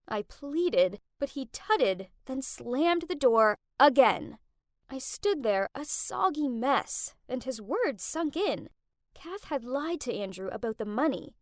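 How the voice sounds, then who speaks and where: A young woman telling a dramatic first-person story for an animated storytime video, with emotional outbursts. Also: sits high, unhurried, no echo, clean studio sound.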